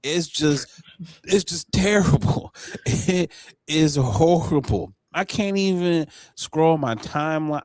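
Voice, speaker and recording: A man's voice: fairly high pitch, a little slow, dry recording, clean studio sound. A man co-hosting a podcast in casual chat, telling stories and ranting with lots of laughter. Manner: animated storytelling, ranting, laughs often. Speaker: podcast co-host.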